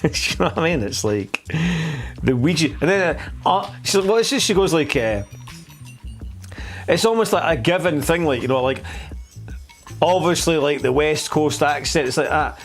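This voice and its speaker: A man's voice: on the high side, expressive, normal speed. A male live-show host with an Edinburgh Scottish accent. He rambles and jokes sardonically, tripping over restarts and fillers. Faint music plays underneath his voice. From Edinburgh, Scotland. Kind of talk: casual live-stream talk.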